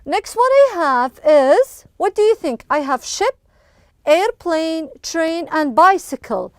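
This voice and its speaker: A woman teaching English to young children in an online lesson, slow and encouraging, with frequent praise. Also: very high voice, big pitch swings, dry recording, studio quality.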